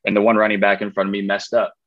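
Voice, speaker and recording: A man's voice: on the low side, completely flat delivery, racing, a bit bright, dry recording, lo-fi sound. A man in his twenties, a former college football player, telling his story in a casual interview, rambling with fillers and restarts.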